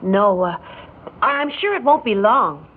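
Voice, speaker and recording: An actress playing a quiet, weary young mother who speaks softly and hesitantly in an old radio drama. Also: medium pitch, sing-song, measured pace, breathy edge. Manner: soft-spoken, hesitant. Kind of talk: 1950s radio drama acting. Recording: tinny old radio broadcast with faint hiss.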